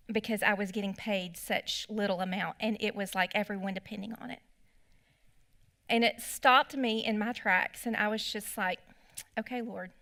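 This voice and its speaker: A woman's voice: medium pitch, pushed and bright. A middle-aged woman, telling stories in a church parenting class and acting out her own remarks. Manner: chatty storytelling with quoted asides.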